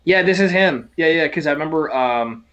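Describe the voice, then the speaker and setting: A man co-hosting a casual fight-sports podcast, excitable and jokey with lots of swearing. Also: fairly high pitch, a little fast. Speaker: podcast co-host.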